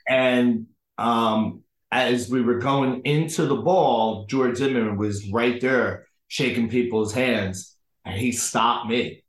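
Male podcast guest, animated storyteller, middle pitch, echoey room. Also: takes it slowly. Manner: animated storyteller acting out the people in his stories. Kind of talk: casual conversational storytelling.

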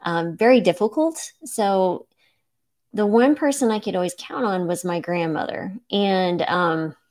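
A woman's voice: medium pitch, measured pace, darkish tone. A middle-aged woman physician hosting a reflective solo podcast, talking earnestly and encouragingly with many "right?" checks and "um" fillers, at moments close to tears. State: emotional, near tears.

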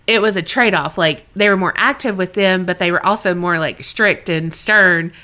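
A woman's voice: fairly low pitch, normal speed, bright, forceful tone. A woman with a Southern American accent co-hosting a podcast, chatting casually, swearing and laughing often, and reading out listener stories. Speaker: podcast co-host.

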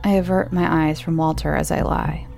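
A woman with a low, gravelly voice narrating a first-person horror story in hushed, tense tones. Soft music plays faintly beneath her reading. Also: fairly even intonation, normal speed.

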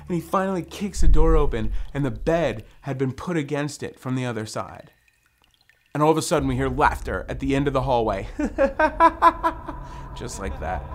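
A man telling a dramatic ghost story in a suspenseful style, building to excited rushes and humming his own sound effects. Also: medium pitch. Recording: music bed under the voice.

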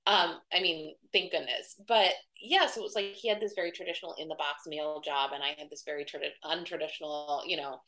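A woman's voice: deep voice, steady tone, fast talker, few pauses, sharp tone, low-quality recording. A woman in her thirties, a guest telling stories in a casual interview, talking in a chatty way with many fillers and acting out the voices of people she quotes. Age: 30s. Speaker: guest, wedding website publisher.

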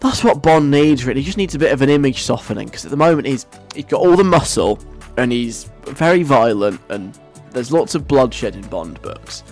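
A man's voice: mid-range voice, animated, normal speed, few pauses, darkish tone, soft background music. A man hosting a radio show in a playful, rambling way, chuckling as he goes. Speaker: radio host. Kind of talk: casual radio chat.

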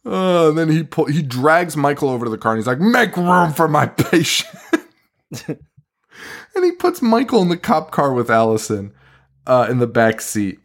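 A man's voice: a little high, normal speed, pauses often. A man co-hosting a podcast, recapping a horror film in casual chat, swearing and laughing often. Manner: profane, laughing, animated retelling. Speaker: podcast co-host. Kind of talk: casual movie review chat.

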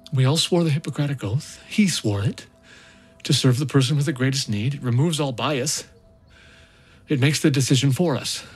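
A man's voice: on the high side, husky. An actor playing a haunted male rescue volunteer, telling his story in an intense, emotionally raw first-person monologue. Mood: indignant. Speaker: narrator.

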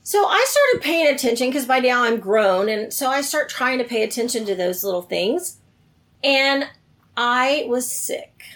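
A middle-aged woman tells her life story in a relaxed conversation. Her voice sits a little high, and she turns animated when she acts out the people she quotes. She laughs between lines and then drops softer for the serious parts. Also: measured pace.

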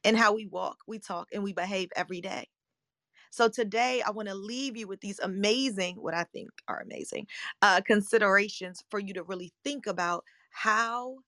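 A woman in her forties giving an upbeat motivational talk as a coach, her voice slightly hoarse and scratchy, often checking in with her listeners. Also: mid-range voice, fairly quick, pushed and bright, no room sound, studio quality. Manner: upbeat, emphatic, rhetorical check-ins. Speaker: life coach and live-room host.

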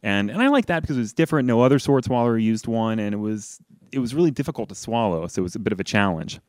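A young adult man telling a personal story on stage, animated and self-deprecating, sometimes laughing as he talks. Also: fairly low pitch, quick pace, dry recording. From lived in Washington, D.C.

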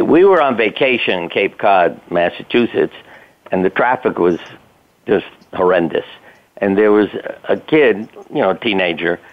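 Older man telling stories over a tinny phone line. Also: sits low. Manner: conversational storyteller, chuckling, acts out quotes. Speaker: guest, doctor. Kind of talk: casual storytelling interview.

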